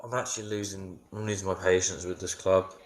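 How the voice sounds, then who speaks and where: A man's voice: deep voice, flat delivery, brisk. A man hosting a casual live match watchalong, tired and frustrated, chatting with viewers. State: sleepy, yawning. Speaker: watchalong host.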